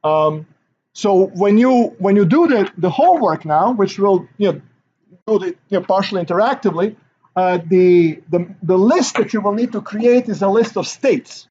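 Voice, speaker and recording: A man's voice: high voice, lively intonation, normal speed, warm tone, highs cut off, a little hiss or hum. A male university instructor giving a recorded class lecture in a casual, rambling way with many fillers and restarts.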